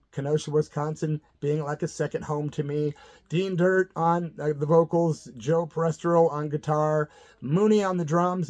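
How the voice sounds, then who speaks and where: A man's voice: a little high, a little mellow. A middle-aged man from the American Midwest telling a rambling, casual story to his channel viewers, full of fillers and asides. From Midwestern United States. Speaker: channel host.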